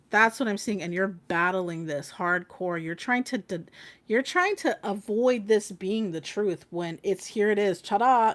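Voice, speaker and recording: A young woman doing a casual livestream tarot reading, chatty and swearing casually, often laughing. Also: mid-range voice. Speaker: tarot reader.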